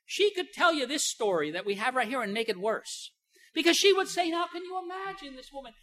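Bright-voiced older woman preaching. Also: fairly high pitch. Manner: emphatic, slows right down on key phrases; swings between soft asides and loud stresses. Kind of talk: sermon.

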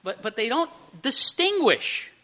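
Bright-voiced male pastor preaching. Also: extremely high pitch, big pitch swings, unhurried. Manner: storytelling, with restarts and emphatic stresses. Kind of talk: sermon.

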